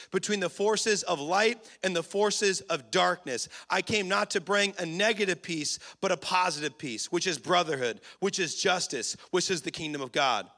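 A man preaching a sermon in a church, animated, acting out little scenes and shouting for emphasis. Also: high-pitched. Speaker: pastor.

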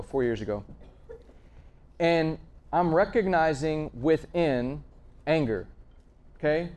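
A man preaching a conversational sermon, earnest and storytelling, swinging between emphatic lines and hushed asides. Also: mid-range voice. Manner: frequent fillers and restarts, storytelling.

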